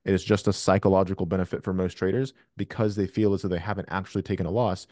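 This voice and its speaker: Blunt male coach, low-pitched, dry and close, swears freely on a video call. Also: flat delivery, fast, a little mellow, no echo. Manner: blunt and profane, emphatic. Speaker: trading coach hosting a call. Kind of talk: live Q&A coaching.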